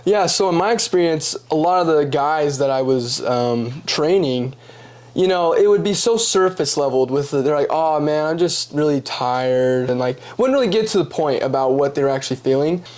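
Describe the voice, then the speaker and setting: A young man as a podcast guest, talking casually and telling stories with lively put-on voices for the people he quotes. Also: fairly high pitch, fairly quick. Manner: animated storytelling, acts out quoted voices, swears casually. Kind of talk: casual conversation.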